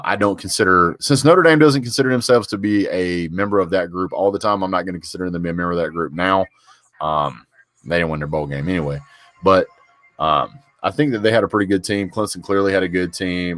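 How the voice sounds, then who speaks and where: A man hosts a live stream, chatting casually and tossing out jokes at his own expense. His voice sits a bit low, easygoing and talkative. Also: fairly bright tone, no echo. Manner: chatty, laughs at own jokes, reacts to viewer comments.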